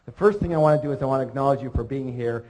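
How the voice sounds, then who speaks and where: A man giving an energetic motivational seminar talk, calling out questions to the audience. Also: medium pitch, rapid-fire, noisy background. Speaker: seminar speaker.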